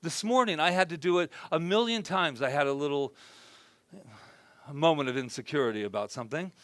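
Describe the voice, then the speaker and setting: A man's voice: on the high side, a little fast, no room sound. Chatty joking male minister, dry sound. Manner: conversational and joking, softly acts out his own self-talk. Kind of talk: informal sermon. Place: spiritual center gathering before a congregation.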